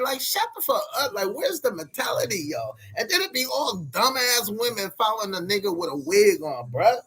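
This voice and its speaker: A young man vents on his vlog, his voice high and a little husky. He swears freely and keeps hammering the same lines as he rants. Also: lively intonation, moderate pace, hardly any pauses, pushed and bright. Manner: profane, heated, repetitive ranting. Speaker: vlogger. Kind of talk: ranting to camera.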